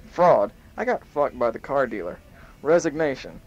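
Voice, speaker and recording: A man hosting an amateur home-made show, reading a list aloud in a mock-serious way and punching the quoted bits loudly. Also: mid-range voice, very animated, normal speed, soft background music. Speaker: host. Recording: muffled home tape with faint hiss.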